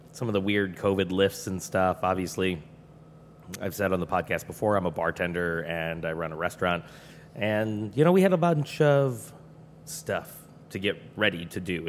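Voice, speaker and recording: A man hosting a podcast, welcoming listeners in an easygoing, loose way. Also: sits low. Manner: easygoing, loose, filler-heavy. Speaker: podcast host. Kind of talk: casual podcast chat. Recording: reverberant room with faint background noise.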